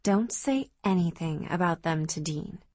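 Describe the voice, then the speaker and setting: A woman's voice: on the low side, animated, measured pace, darkish tone, dry recording. A woman reading an audiobook voices a sarcastic, theatrical teenage girl. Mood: sardonic.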